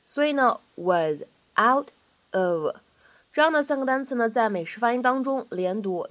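A woman teaching in a bright, slightly high voice. She explains each point patiently, adds lots of soft fillers, and says every example three times. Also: lively intonation, normal speed. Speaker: English pronunciation teacher. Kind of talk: explanatory lesson narration.

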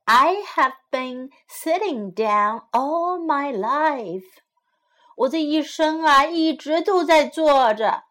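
Woman playing an old lady, tearful, high-pitched, slow, plaintive storybook voice. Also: lively intonation, exaggerated voice. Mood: distressed. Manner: plaintive, rises to loud high cries. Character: tearful old woman who loves her thorn bush.

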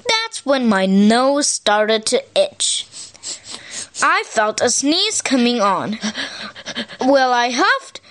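A woman reading a picture book aloud in an animated, expressive way, as a storyteller. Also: on the high side, extremely slow, long pauses.

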